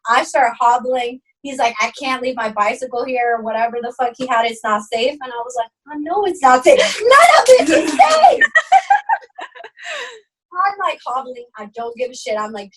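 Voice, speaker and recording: A young woman co-hosting a podcast, telling a story in casual chat, animated and swearing, acting out quotes with big jumps in pitch. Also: recorded from a distance, low-quality recording. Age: young adult. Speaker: podcast co-host.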